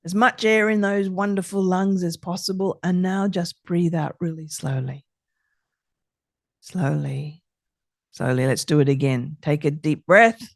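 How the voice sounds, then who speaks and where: A middle-aged woman talks listeners through a calming breathing exercise, unhurried and soothing. Her voice sits a little low and moves very slowly, and the recording is dry with no room sound. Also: gravelly, no echo. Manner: slow, soothing, gentle instructions. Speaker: podcast host guiding breathing exercises. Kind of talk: calm guided breathing exercise.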